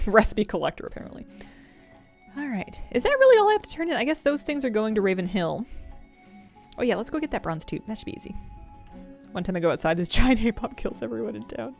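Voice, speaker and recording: Gravelly-voiced woman streamer. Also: medium pitch. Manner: chatty, thinks aloud, laughs often. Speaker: game streamer. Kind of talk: casual gameplay commentary.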